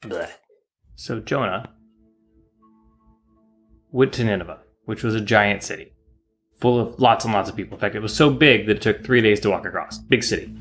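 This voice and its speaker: A man teaching children, telling a Bible story in a playful, animated way with silly asides. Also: fairly low pitch, normal speed, long pauses, faint music behind.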